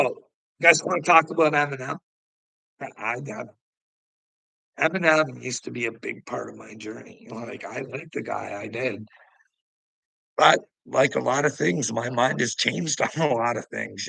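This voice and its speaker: A middle-aged man hosts a livestream, chatting casually and rambling, laughing often and swearing at his viewers. His medium-pitched voice is bright and forceful, with vocal fry, a breathy edge, and a moderate pace, on a dry, poor-quality recording.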